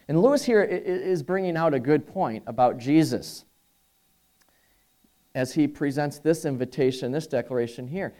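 Earnest male pastor mid-sermon; mellow, warm voice with emphatic phrasing. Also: fairly high pitch, expressive, normal speed.

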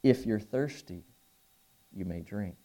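Grave, commanding storybook lion, voiced by a male preacher: low, hushed, measured, mellow. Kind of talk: reading a story aloud in a sermon.

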